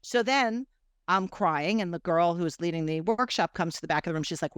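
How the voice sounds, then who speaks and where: Middle-aged woman guest, storyteller, animated, plays every voice in her story, dry close sound. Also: fairly quick, clean tone, dry recording. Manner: animated, acts out quoted dialogue with big swings in pitch and loudness. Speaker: guest coach. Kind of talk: personal storytelling in a podcast interview.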